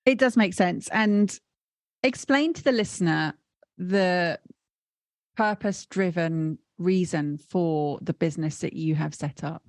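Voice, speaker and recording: A woman hosting a podcast, asking her guest questions in a measured, prompting way. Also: lowish voice, a little mellow, no echo, studio quality. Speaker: podcast host. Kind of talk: interview questions.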